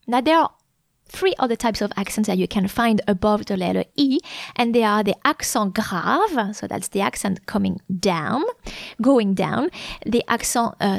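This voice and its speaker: A woman's voice: fairly high pitch, no room sound, studio quality. A woman hosting a podcast pronunciation lesson, explaining patiently step by step and spelling out letters, with frequent fillers. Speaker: French teacher and podcast host. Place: Melbourne, Australia.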